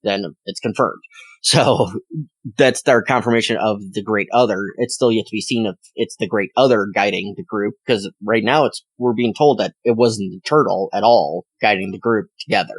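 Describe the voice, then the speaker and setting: A man co-hosting a podcast, chatting casually in a relaxed, rambling way and reading passages aloud. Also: on the low side, normal speed, no room sound, low-quality recording. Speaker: podcast co-host, longtime fan.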